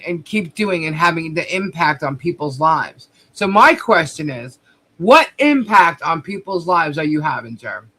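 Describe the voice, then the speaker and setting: Forceful woman ranting on a livestream. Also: fairly low pitch. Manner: heated, profane, confrontational. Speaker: livestream host. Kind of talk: livestream commentary rant.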